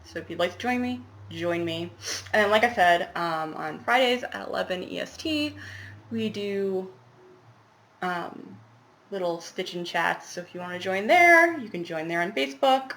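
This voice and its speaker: A woman's voice: mid-range voice, lively intonation, moderate pace, a bit bright. Chatty young woman vlogging at home. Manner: chatty, rambling, laughing asides. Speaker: cross-stitch vlogger. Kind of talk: casual chat to camera. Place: small apartment at home.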